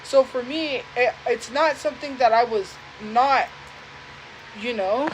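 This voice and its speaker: Young woman livestreaming, kinda high voice, earnest and halting, keeps repeating herself. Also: slight background noise, low-quality recording. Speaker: livestream host. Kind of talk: emotional personal storytelling.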